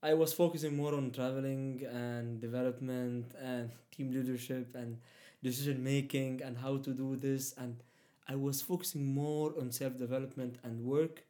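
A man's voice: mid-range voice, steady tone, normal speed, hardly any pauses, dark tone. A young man with a Middle Eastern accent, whose first language is Arabic, talking casually with many fillers and restarts. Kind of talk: casual conversation.

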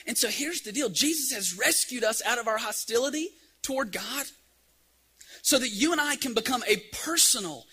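A middle-aged man preaching a sermon, telling a lively story and acting out the scenes. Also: very high-pitched, normal speed, breathy edge. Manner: animated storyteller, acts out scenes.

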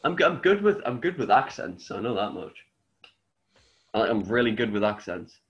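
A man's voice: lowish voice, very animated, normal speed, lo-fi sound. A man co-hosting a podcast in casual chat, jokey and fond of silly voices. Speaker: podcast co-host.

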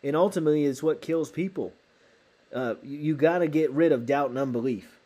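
A man's voice: fairly high pitch, brisk, dark tone. A man preaching a sermon, emphatic and repeating key phrases for stress.

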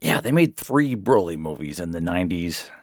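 Deep-voiced laid-back podcast host. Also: male voice, sing-song, moderate pace, no room sound, clean studio sound. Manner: laid-back, many filler ums and uhs. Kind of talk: casual podcast chat.

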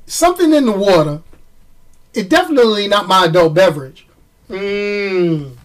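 Casual vlogger, male, New York accent; emphatic, repeats lines for punch, laughs at himself. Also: high voice. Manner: chatty, emphatic, repeats phrases for effect. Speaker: vlogger commenting on movies. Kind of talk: casual chat to camera.

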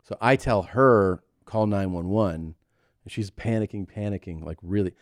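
A low-pitched man in his forties tells a story on a podcast, jumping into high put-on voices for the people in it. The sound is dry and close, with no room around him. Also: moderate pace, no echo. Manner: animated, acts out voices in stories. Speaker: podcast co-host. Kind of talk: casual comedic storytelling.

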